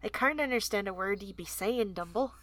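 A woman's voice: mid-range voice, a little fast, a bit bright, dry recording, lightly acted. A woman voicing a puzzled baby male mole in a thick rustic dialect.

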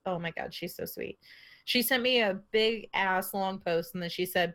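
A woman's voice: mid-range voice, moderate pace, fairly bright tone. A woman co-hosting a casual podcast chat, laughing often and swearing casually. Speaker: podcast co-host.

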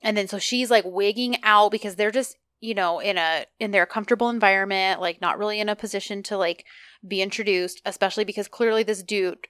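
A woman's voice: medium pitch, brisk, clean tone, no room sound. Casual female co-host, chatty recap, dry close sound. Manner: chatty, animated retelling with quoted lines. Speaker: podcast co-host.

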